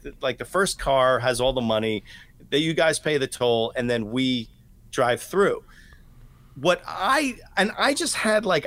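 A middle-aged man talking as a podcast guest, his voice sitting a little higher than most men's. He rambles through his story in an animated way, stumbling over restarts and fillers. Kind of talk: casual storytelling chat.

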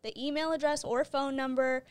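A woman hosting a comedy podcast, telling a story in a casual, animated way and swearing freely. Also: high voice, brisk. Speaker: podcast host.

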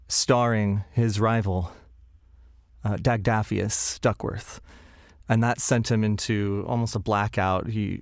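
A man's voice: medium pitch, dry recording, clean studio sound. A man playing a tabletop game, describing his character in a playful, casual way. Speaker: player.

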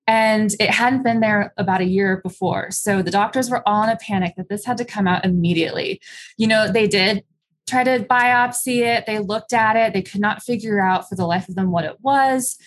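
A young adult woman candidly telling her personal story as an interview guest, halting with many fillers. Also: mid-range voice.

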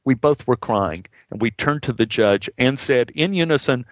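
A man telling a personal story in a measured, heartfelt way, acting out the dialogue as he goes. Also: mid-range voice, animated, no echo.

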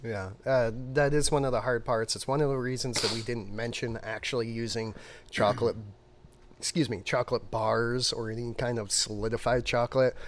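A man co-hosting a casual brewing podcast, talking in an animated, rambling way full of restarts. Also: mid-range voice, normal speed, background noise. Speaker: podcast co-host, brewer. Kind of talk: casual chat.

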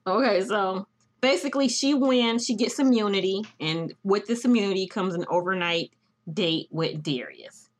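Woman, podcast co-host, casual recap, animated retelling, mid pitch. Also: moderate pace. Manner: chatty, animated retelling with quoted voices. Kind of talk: casual chat.

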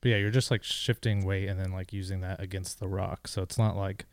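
A young man co-hosting a casual sports podcast, talking in a halting way full of fillers and restarts. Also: sits low, flat delivery, no room sound. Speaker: podcast co-host.

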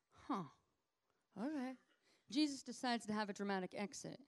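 Animated woman preaching casually. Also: mid-range voice, moderate pace. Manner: animated, conversational, acts out scenes. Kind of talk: casual sermon.

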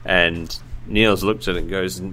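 A man co-hosting a podcast, telling a story in animated casual chat and laughing often. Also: sits low, a little slow, a little hiss or hum. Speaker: podcast co-host.

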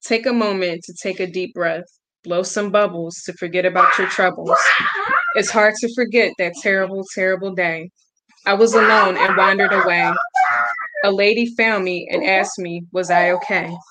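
Woman reading a kids' book on a live stream, gentle delivery, mid pitch, heavy noise behind. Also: fairly even intonation, moderate pace. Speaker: guest, children's book author. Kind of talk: reading a picture book aloud. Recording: loud background noise.

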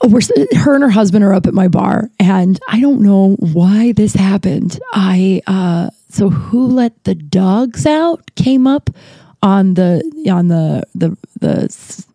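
A woman's voice: medium pitch, gravelly, mellow, no room sound. A young woman telling rambling stories in a casual chat, full of fillers and swearing. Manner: chatty, rambling, profane, frequent "like" fillers. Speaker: podcast host. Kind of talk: casual storytelling.

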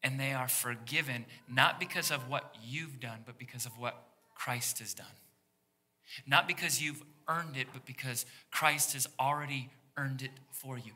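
A man preaching a sermon as pastor, animated and talking straight to the congregation, dropping to a hushed near-whisper to stress a point. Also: medium pitch, moderate pace. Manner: engages the congregation directly.

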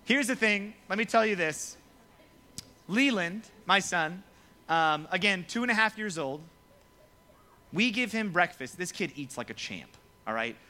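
Animated young pastor, bright lively voice. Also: male voice, high-pitched, measured pace, long pauses. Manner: lively, joking, acts out quoted voices. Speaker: youth pastor. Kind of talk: casual sermon to students.

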